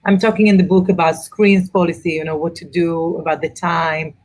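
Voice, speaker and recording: A middle-aged woman, an author and mother of four, chatting in an interview and telling travel stories with animated asides. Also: lowish voice. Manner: animated storyteller, quick asides. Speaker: author and guest. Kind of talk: casual interview chat.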